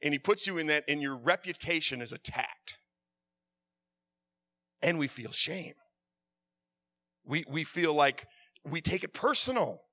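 Guy preaching, high bright voice, gets quiet then shouts, lots of stammering. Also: animated, a little slow, long pauses, no echo. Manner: impassioned, swings from hushed to shouting, stammers and repeats words. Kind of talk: sermon.

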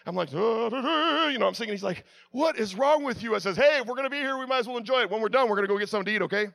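A man preaching, telling a lively personal story with sound effects and frequent restarts. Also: high voice, rapid-fire, vocal fry. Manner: drops to a hushed, prayerful tone at the close.

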